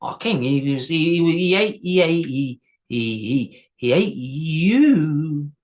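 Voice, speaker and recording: A man putting on a pack of greedy, dim trolls who whine and stammer. The voice climbs high and loud in a spoken folktale. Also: animated, slow. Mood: grabby, stammering. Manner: grabby and stammering.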